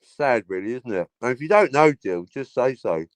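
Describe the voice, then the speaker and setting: A man's voice: medium pitch, expressive, moderate pace, no echo. A man hosting a casual livestream, talking in a sardonic, sweary way and slipping into mock announcer asides. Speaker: livestream host.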